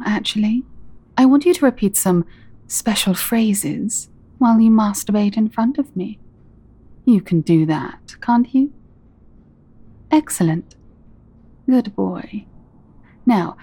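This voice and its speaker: A woman performing a scripted dominant audio role-play, speaking in a teasing, commanding way and often dropping into soft whispers. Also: medium pitch, no room sound. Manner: teasing, commanding, slow and deliberate; soft-spoken, drops into breathy whispers.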